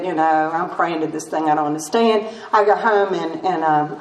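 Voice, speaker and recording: Older woman telling her story in an echoey hall. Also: fairly low pitch. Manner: self-mocking storytelling with laughs. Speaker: AA speaker. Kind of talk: recovery meeting talk. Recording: roomy distant mic with faint noise.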